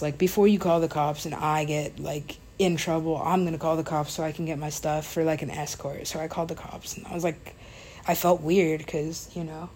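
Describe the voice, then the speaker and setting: Low-voiced young woman rambling through a story. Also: darkish tone, a little hiss or hum. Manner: rambling, laughing, swearing, filler-heavy. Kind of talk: casual storytime.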